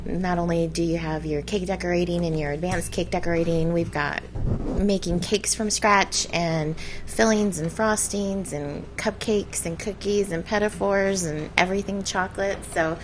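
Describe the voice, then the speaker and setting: A woman's voice: lowish voice, slight background noise. A woman who teaches baking and pastry, speaking as a guest on a radio interview, enthusiastic and using many fillers.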